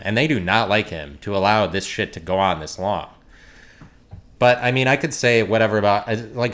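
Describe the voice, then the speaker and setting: A man's voice: fairly low pitch, fairly bright tone. A man hosting a podcast, ranting in an exasperated, sarcastic tone. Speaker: podcast host. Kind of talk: opinionated solo rant.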